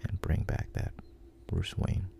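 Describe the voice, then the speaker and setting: A man's voice: slow, warm tone, slight background noise, natural voice. A man in whispered role-play voicing a weary, stubborn aging male superhero. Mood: wistful.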